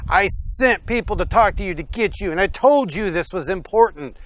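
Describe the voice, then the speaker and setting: A man's voice: high voice, animated, normal speed, fairly bright tone, voice pushed up, poor audio. A man voicing a brash, impatient king who talks casually and dismissively.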